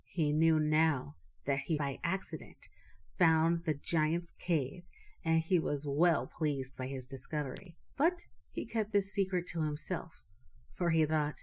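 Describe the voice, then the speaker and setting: A woman with a fairly low voice narrating a folk tale. She reads in a measured, expressive storybook manner.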